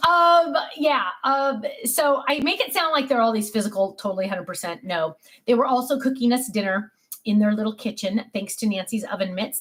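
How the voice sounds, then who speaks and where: An older woman, a grandmother, chatting casually and telling family stories with many fillers and restarts. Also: a little high. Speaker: craft vlogger. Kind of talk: casual chat.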